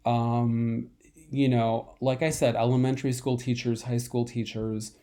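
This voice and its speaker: A man teaching a college math lecture in a slow, repetitive way, often clearing his throat and coughing from a dry throat. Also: mid-range voice, flat delivery, warm tone. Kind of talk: recorded online lecture.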